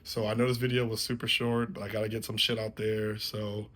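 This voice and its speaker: A man's voice: lowish voice, little pitch movement, brisk, fairly bright tone, slight background noise. A young man casually telling a story to his viewers off the cuff, loose and profane, laughing as he goes. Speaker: vlogger.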